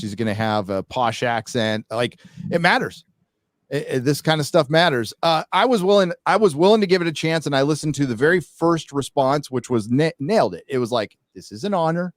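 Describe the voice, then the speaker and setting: An American man with a mid-range voice talks casually on a podcast, blunt and skeptical. He stumbles and restarts his sentences often. The sound is dry and close, with no room echo. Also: mid-range voice. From United States. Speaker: podcast host. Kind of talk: opinionated casual talk.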